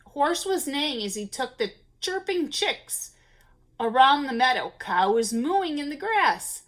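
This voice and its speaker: A woman reads a children's picture book aloud, playful and expressive. Her voice is high and swoops widely, pitched for young listeners. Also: a little slow. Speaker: storyteller. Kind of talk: children's storybook read-aloud.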